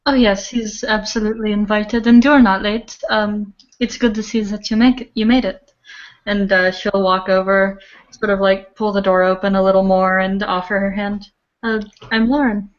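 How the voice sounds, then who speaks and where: A woman's voice: mid-range voice, flat delivery, moderate pace. A woman describing her character's actions as a player in a tabletop role-playing game, in a friendly, chatty way. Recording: muffled online voice chat.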